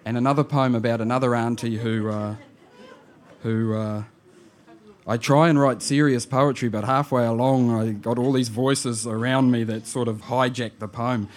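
A man, a poet introducing and reading his poems, soft-spoken and reflective. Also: mid-range voice, steady tone, moderate pace, slight background noise. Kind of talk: live poetry reading.

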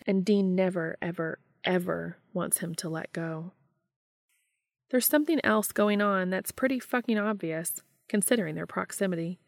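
A woman narrating a romantic fan fiction story in a soft, intimate reading voice, dropping to a hush for dialogue. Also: mid-range voice, vocal fry, no echo, clean studio sound. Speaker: fanfiction podcast reader.

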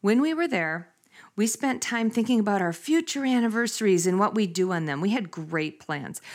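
A woman in her fifties hosting a casual chat, telling stories with laughter and acting out quotes. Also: medium pitch. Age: 50s. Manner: animated, laughing, acts out quotes.

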